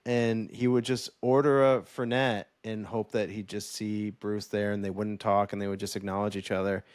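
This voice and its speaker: A man co-hosting a podcast in casual chat, telling stories with lively quoted voices and frequent laughs. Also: fairly low pitch, moderate pace, clear, resonant tone, no echo. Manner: animated storytelling with quoted voices, laughs often. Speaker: podcast co-host.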